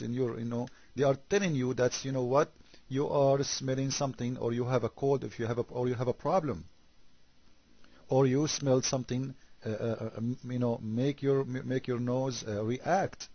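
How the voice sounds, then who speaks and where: A man giving a sarcastic critical commentary monologue, firing off rhetorical questions and stumbling into halting repetitions. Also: mid-range voice, no room sound, muffled recording.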